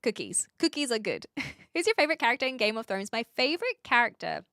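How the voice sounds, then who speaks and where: A woman's voice: fairly high pitch, very animated, fairly quick, bright, forceful tone, dry recording, studio quality. Chatty New woman streamer. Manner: chatty, reads chat aloud, frequent ums and restarts. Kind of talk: casual livestream chat.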